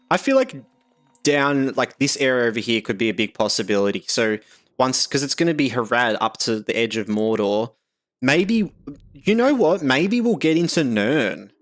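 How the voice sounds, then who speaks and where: A young man with an Australian accent talks over a live game stream. He chats loosely, reads out viewers' comments and fills gaps with "you know" and "like". His voice sits in an ordinary middle pitch. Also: a bit bright. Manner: chatty, reads chat aloud, frequent fillers.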